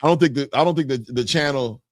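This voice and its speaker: Excitable boxing host, dry close voice. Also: male voice, medium pitch, fast talker, no echo. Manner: excitable, hollers and drawls reactions. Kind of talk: casual chat while replaying fight clips.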